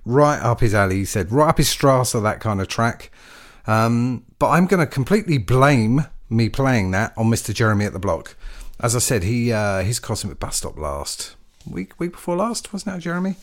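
A man's voice: on the low side, lively intonation, moderate pace. A man hosting a radio show, chatting casually and rambling between tracks with chuckling asides. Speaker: radio DJ host.

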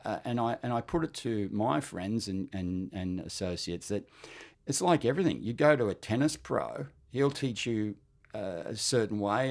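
An earnest Australian man in his fifties telling his own story as a cancer patient. He speaks candidly in a halting way, with many restarts. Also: medium pitch, gravelly, darkish tone. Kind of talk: personal testimony talk.

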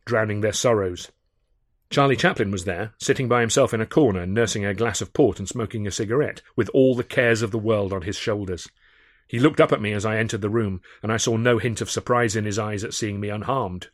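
Man, audiobook narrator, first-person storytelling, measured, low pitch, dry recording. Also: dry recording. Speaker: author and narrator.

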